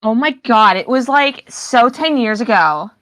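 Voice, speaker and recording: Woman putting on a valley girl, gushing, drawn-out Valley Girl accent, quick comic bit. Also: fairly high pitch, animated, fairly bright tone, no room sound, pitched above the performer's own voice. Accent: Californian Valley Girl. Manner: exaggerated gushing drawl, stretched words.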